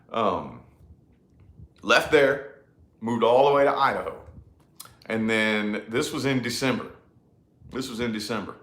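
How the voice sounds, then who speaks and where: A man telling a personal story in loose, casual talk, with a relaxed drawl and frequent swearing. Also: on the low side. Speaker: podcast co-host. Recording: echoey room.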